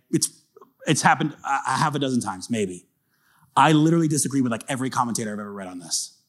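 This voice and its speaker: A man preaching a conversational sermon, emphatic and speaking directly to his congregation. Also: fairly high pitch. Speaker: pastor.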